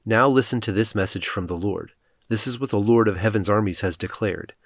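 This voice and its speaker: A stern older prophet rebuking a disobedient king, read by a man in his own low voice. The delivery is solemn and steady, and the sound is close and dry, with no room echo. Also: close to an everyday voice.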